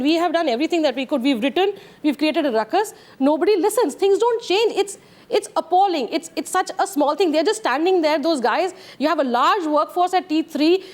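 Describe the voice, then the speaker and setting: Earnest, frustrated Indian woman. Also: high-pitched. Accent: Indian English. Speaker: debate guest, parent. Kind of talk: televised debate testimony.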